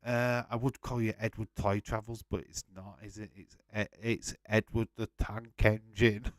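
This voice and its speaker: A man's voice: on the low side, flat delivery, normal speed, no room sound. A man hosting a casual live-stream watch-along, chatting to viewers by name, laughing often and swearing freely.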